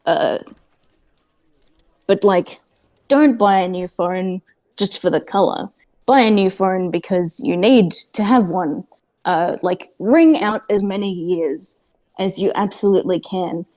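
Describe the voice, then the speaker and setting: A woman's voice: mid-range voice, slow pace, darkish tone. A woman playing a tabletop game on a podcast, chatting casually from home in a rambling, self-mocking way with lots of fillers. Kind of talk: casual chat. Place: at home with cats nearby.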